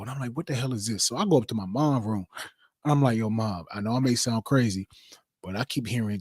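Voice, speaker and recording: A man telling a lively personal story in casual conversation, acting out the voices he quotes, heard over a video call. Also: mid-range voice, fast, husky, no room sound, studio quality. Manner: animated storyteller, acts out the quotes. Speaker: guest.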